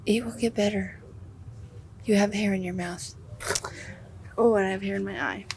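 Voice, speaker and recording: A teenage girl co-hosting a student podcast in loud, excitable casual chat, laughing often. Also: medium pitch, normal speed, noisy background. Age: teens.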